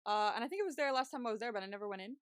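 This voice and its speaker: A woman's voice: a little high, expressive, racing, clean tone, no echo. Chatty young woman, dry close mic. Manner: chatty, swears freely, laughs often, many fillers. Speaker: podcast co-host. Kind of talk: casual storytelling chat.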